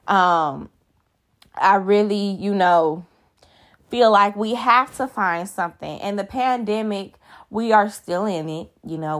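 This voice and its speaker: A woman talks casually and directly to her listeners about self-care, in a chatty, conversational way full of fillers. She sounds a little tired as she goes. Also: medium pitch. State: tired, yawning. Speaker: podcast host. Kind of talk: casual motivational talk.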